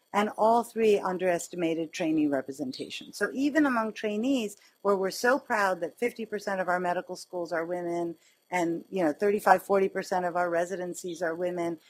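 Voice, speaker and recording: A middle-aged woman physician giving a conversational medical lecture, chatty and self-mocking, telling anecdotes with quick wit. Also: medium pitch.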